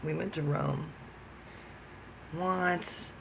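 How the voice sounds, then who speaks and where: Male vlogger, somewhat high and gravelly, rambling profane solo rant. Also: steady tone, extremely slow, background noise. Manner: profane, jumping from topic to topic.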